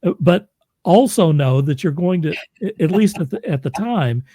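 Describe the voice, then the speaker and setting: A man's voice: on the high side, lively intonation, normal speed, dark tone, no room sound. A man from Oklahoma, a podcast host and audiobook narrator, chatting casually and laughing easily. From Oklahoma, USA. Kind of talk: casual interview chat.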